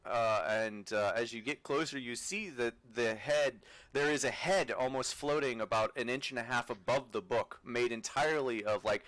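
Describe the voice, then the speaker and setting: A man narrating a tabletop game as game master, halting and full of fillers. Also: mid-range voice, fairly bright tone, no echo, low-quality recording. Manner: halting, many fillers and restarts.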